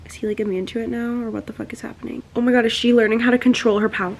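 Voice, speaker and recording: A young woman in her twenties reading a novel aloud and reacting excitedly, swearing and gushing as she goes. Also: on the high side, quick pace, slight background noise. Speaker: book vlogger. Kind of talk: casual reading vlog.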